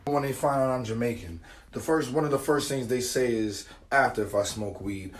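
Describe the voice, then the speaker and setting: A young man telling a comic story to camera in an animated, profane way, acting out the voices of the people in it. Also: mid-range voice, normal speed. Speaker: vlogger.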